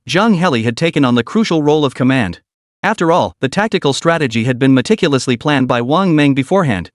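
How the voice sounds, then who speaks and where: A man narrating a web novel audiobook with lively, dramatic storytelling. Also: medium pitch, no room sound, clean studio sound.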